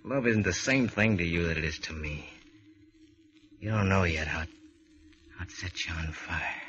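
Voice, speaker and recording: An actor playing an eager, lovesick young sailor, earnest and pleading in 1930s radio drama style. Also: male voice, sits low, normal speed, a bit bright. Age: young adult. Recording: scratchy dull old radio transcription.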